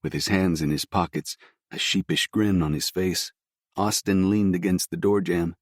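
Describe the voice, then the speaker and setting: In a dry, close recording without any room around it, a man with a deep, low voice narrates an audiobook. He reads the first-person story in a slow, somber, steady way, clearly from a script.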